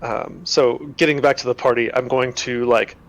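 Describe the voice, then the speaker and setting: A man playing a tabletop game, his voice gravelly with a touch of fry. He talks casually and rambles, restarting his sentences as he goes. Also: mid-range voice, fairly even intonation, moderate pace. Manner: rambling, full of fillers and restarts. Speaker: player.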